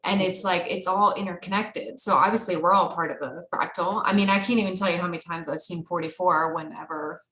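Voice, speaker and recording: A woman's voice: lowish voice, steady tone, a little fast, few pauses, fairly bright tone, roomy sound, low-quality recording. A woman chatting casually on a group call, rambling with many fillers and laughing easily. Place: online group video call.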